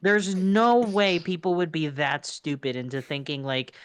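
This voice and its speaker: A man's voice: on the high side, steady tone, unhurried, clear, resonant tone, no echo. A young man co-hosting a podcast in casual chat, blunt and sarcastic, swearing freely. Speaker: podcast co-host.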